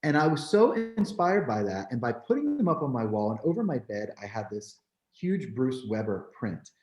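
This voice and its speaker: A man's voice: mid-range voice, normal speed. Jersey guy telling his story, lots of "like" and "you know", sounds roomy. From New Jersey, US. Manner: animated and candid, with frequent "like" and "you know". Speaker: photographer. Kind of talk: storytelling in a conversation. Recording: roomy echo.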